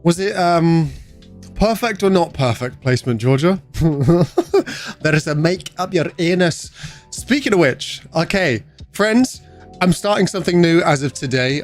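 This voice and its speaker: A young British man with a slightly high voice, upbeat and chatty as he hosts a livestream from his bedroom. He greets viewers one by one in a relaxed, joking tone, with soft music playing faintly behind him. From United Kingdom. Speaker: streamer. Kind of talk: casual livestream chat. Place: bedroom streaming setup.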